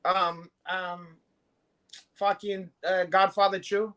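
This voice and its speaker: A man with a Brazilian Portuguese accent, a podcast co-host trading goofy jokes and loud impressions in casual banter. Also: sits high, little pitch movement, slow. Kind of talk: joking banter.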